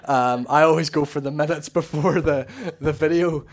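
A man's voice: on the high side, fairly even intonation, normal speed. A man giving a rambling, earnest personal testimony and acting out remembered conversations.

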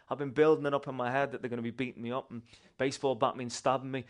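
A man, a church member giving a personal testimony in an animated, conversational way with restarts. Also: medium pitch, racing, few pauses.

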